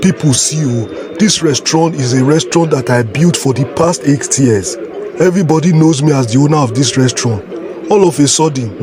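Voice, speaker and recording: A man playing a wronged restaurant owner who complains slowly and mournfully. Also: on the high side, lightly acted.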